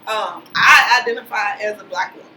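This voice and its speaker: A woman speaking on a panel in a measured, deliberate way. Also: medium pitch, bright, forceful tone. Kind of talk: panel discussion. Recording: roomy sound, faint noise.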